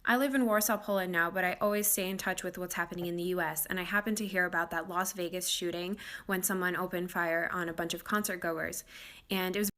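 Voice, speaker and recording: Bright-voiced American woman telling a story. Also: on the low side, fairly even intonation, quick pace. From United States. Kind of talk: personal anecdote to camera.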